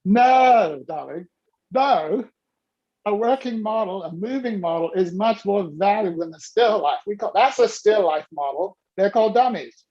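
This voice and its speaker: A woman hosting a casual video-call workshop, talking in a playful, teasing, animated way. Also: medium pitch, normal speed, breathy edge, lo-fi sound. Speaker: host and coach.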